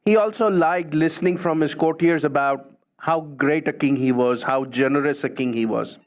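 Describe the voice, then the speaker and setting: A man's voice: a little high, normal speed. A man giving a spiritual talk, telling a story in a conversational way and often tagging phrases with "you know" and "right". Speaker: spiritual speaker. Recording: dull lo-fi recording.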